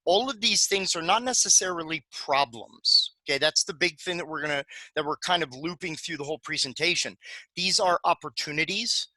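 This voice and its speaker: A man's voice: on the high side, a little fast, bright, forceful tone, no echo, poor audio. A man presenting a panel talk on games, speaking conversationally with many fillers and restarts.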